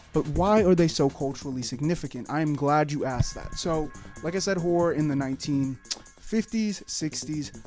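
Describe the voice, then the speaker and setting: A man's voice: on the high side, darkish tone. A man giving a casual video essay as a YouTuber, joking and rambling with lots of fillers and swearing.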